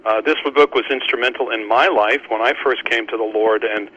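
A man's voice: medium pitch, muffled recording. A man hosting a casual conversation about Christian books, talking with many restarts and repeated words. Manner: halting, many restarts, warm laughter. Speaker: Christian book publisher and podcast host.

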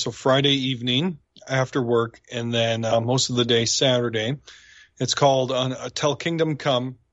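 Male pastor guest, mid pitch, earnest explaining, kinda muffled lo-fi sound. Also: a bit bright, no room sound. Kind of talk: interview guest explaining theology.

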